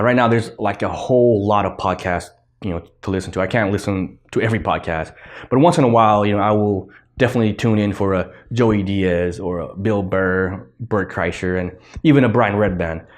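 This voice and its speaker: A man's voice: lowish voice, a little fast. A man hosting his own podcast, rambling bluntly through a casual solo commentary with offhand swearing. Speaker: podcast host.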